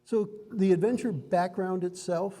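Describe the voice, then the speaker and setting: High, mellow-voiced game master explaining rules. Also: male voice, steady tone, unhurried, long reverb tail. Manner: upbeat, chatty, laughs often. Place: card and game shop.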